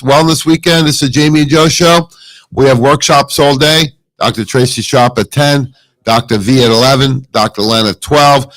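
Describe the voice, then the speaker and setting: A man's voice: medium pitch, a bit bright, no room sound, low-quality recording. Upbeat salesy Pittsburgh-area man. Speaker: co-host. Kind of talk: live promotional chat show. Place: wellness store event.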